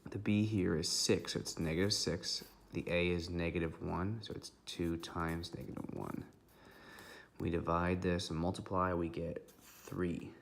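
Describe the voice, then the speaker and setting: A man's voice: deep voice, level tone, a little slow, creaky, slight background noise. A man teaching a recorded math lesson, walking through each step methodically and checking in with "okay" along the way.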